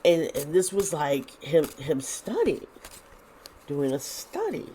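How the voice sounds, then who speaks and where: A woman's voice: low voice, huge pitch swings, takes it slowly, mellow, slight background noise. A woman hosting a casual tarot reading, thinking aloud with many restarts and sounding a bit nervous. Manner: nervous, uneasy. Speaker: tarot reader and video host.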